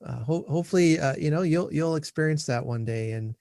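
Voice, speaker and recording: A middle-aged man hosting a podcast in a relaxed, chatty way, laughing easily and agreeing often. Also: on the high side, a little fast, vocal fry, no echo, clean studio sound. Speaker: podcast host. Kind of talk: casual interview chat.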